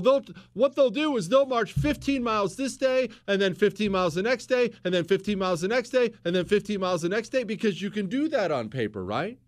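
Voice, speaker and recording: Animated man telling history. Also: sits high. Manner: animated storytelling, acts out quoted exchanges. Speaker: history podcast host. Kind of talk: casual history talk.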